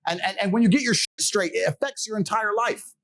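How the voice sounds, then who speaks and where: A man's voice: high-pitched, fast. A man telling stories as a podcast interview guest, blunt, profane and boastful, laughing as he goes. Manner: animated, laughs mid-story. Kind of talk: casual storytelling in a podcast interview.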